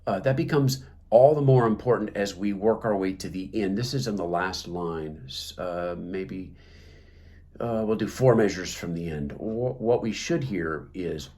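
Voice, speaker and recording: A man's voice: low-pitched, normal speed, mellow. A man teaching clarinet technique, talking through the music with many fillers and restarts. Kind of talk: instructional talk.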